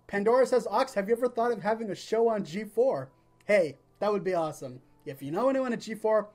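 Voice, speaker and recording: A man hosting a casual live web talk show, telling stories in a chatty, animated way. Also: a little high. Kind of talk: casual live webcast chat.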